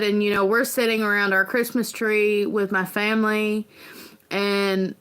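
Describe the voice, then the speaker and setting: A woman hosting a casual livestream, talking in an earnest, rambling, halting way as a parent. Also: mid-range voice, little pitch movement, a bit bright, clear, resonant tone. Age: adult parent. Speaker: livestream host.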